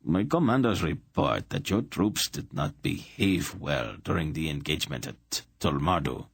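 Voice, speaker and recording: A man's voice: a bass voice, lively intonation, a little slow, creaky, slightly rough, no room sound, full character voice. A man doing a silky, menacing emperor. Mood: urbane. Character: urbane, cruel male emperor.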